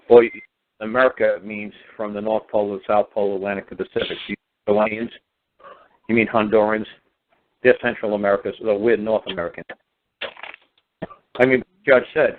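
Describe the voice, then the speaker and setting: A man's voice: on the low side, fast talker, long pauses, a little hiss or hum. Emphatic man on a phone line. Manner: emphatic, repetitive rhetorical questions. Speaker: speaker. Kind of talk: phone talk show discussion.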